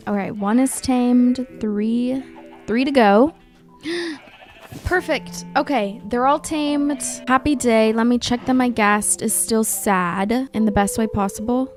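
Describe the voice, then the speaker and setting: A woman giving casual gameplay commentary, chatty and excitable, talking to the creatures in her game. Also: on the high side. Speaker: Minecraft YouTuber.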